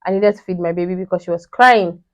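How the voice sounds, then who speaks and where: A woman's voice: on the low side, fast talker. A young woman, telling a personal story in a chatty vlog, full of "you know" and restarts. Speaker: vlogger. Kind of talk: casual storytelling. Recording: slightly dull lo-fi sound.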